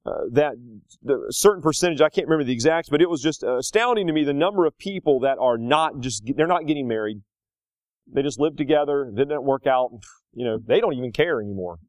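A man's voice: mid-range voice, darkish tone, no echo, clean studio sound. A man preaching a sermon as a pastor, in a folksy storytelling way with acted asides.

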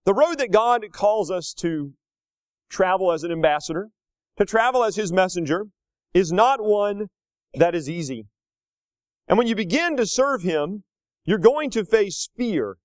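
A man in his thirties preaching a sermon, rising to loud, slow emphatic lines and dropping to quiet, casual asides. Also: expressive, no room sound. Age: 30s. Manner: swings between loud emphatic peaks and low conversational asides; slows down hard on key phrases.

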